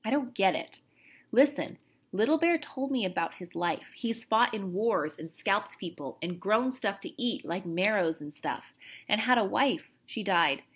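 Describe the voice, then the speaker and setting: A woman's voice: medium pitch, animated, measured pace, husky. A woman reading aloud and voicing a young boy who urgently guards a secret and insists on being heard.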